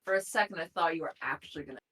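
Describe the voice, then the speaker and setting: A woman's voice: low-pitched, very fast, fairly bright tone. A woman player in a tabletop role-play, blunt and practical in character, haggling over pay.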